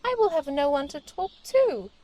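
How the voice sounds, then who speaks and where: A woman's voice: sits high, sing-song, moderate pace, dark tone, voice pushed up. A woman voicing a shy, sweet little male mouse who has just learned to talk, with a timid, stammering manner. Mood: shy squeaky.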